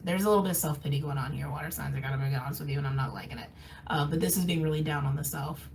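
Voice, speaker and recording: A woman's voice: low-pitched, very fast, gravelly, darkish tone, recorded from a distance, slight background noise, low-quality recording. A woman giving a casual tarot card reading, candid and emphatic, often laughing and repeating phrases for emphasis. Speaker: tarot reader. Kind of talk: casual intuitive reading to camera.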